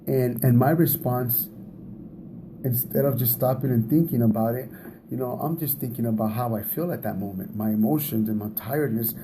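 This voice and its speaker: A man's voice: medium pitch, moderate pace, noisy background. A man giving a casual talk on relationships, speaking in a conversational way, often repeating words and laughing at himself.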